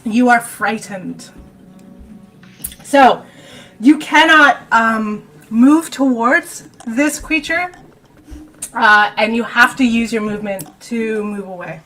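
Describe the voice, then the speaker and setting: Slow-talking, jokey woman game master. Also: a little high, lively intonation, bright, forceful tone. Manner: chatty, jokey and self-mocking. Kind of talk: running a streamed tabletop game. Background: faint dramatic music.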